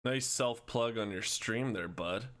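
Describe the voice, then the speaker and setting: A man's voice: lowish voice, a little slow, fairly bright tone. Teasing male podcast co-host. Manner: teasing, wry banter. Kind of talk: casual chat.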